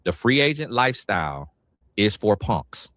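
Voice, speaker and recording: Male online commentator, low voice, dry close sound; preachy and scornful. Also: big pitch swings, normal speed, fairly bright tone, dry recording. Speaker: commentator in a played clip.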